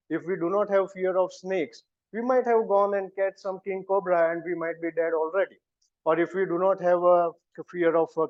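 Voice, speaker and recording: Higher-voiced Indian English man telling stories. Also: no room sound. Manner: anecdotal storytelling with wry humor. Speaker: club meeting speaker. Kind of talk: prepared humorous speech. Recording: muffled, dry lo-fi recording.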